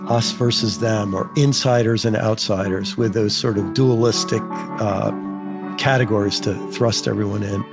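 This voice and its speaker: A man hosting a podcast conversation, speaking thoughtfully with pauses and fillers. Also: mid-range voice. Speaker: host.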